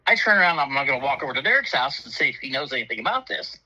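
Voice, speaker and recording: A man's voice: mid-range voice, sing-song, very fast, sharp tone, husky, poor audio. A man telling a profane, funny story in casual chat, laughing often and acting out the voices of people in it. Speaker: storyteller on a talk show.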